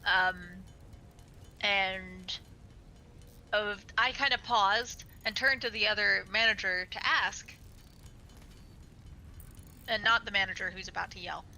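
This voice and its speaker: A young woman co-hosting a gaming video in casual chat, a lively storyteller who laughs often. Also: mid-range voice, slow pace, vocal fry, long pauses, soft background music, low-quality recording. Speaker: gaming channel co-host. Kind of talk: casual chat while playing a game.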